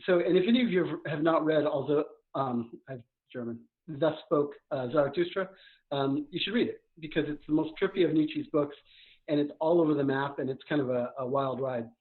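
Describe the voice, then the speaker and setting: Over a tinny, phone-like remote line, a man coaches a guest in a live podcast conversation. He's fast and high-energy, talking a million miles an hour.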